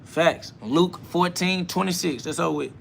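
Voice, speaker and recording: A man's voice: a little high, moderate pace, creaky, slight background noise. A man hosting a live self-talk podcast, talking bluntly and profanely in a preachy way while answering chat comments aloud.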